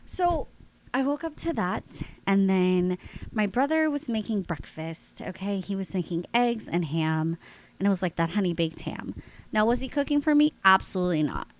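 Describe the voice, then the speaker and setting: A woman in her thirties hosts her own podcast, telling a long personal story in a loose, chatty, animated monologue and calling her listeners "guys." Her voice is medium-pitched at a normal speed, her nose sounds congested, and she laughs often. The recording quality is low.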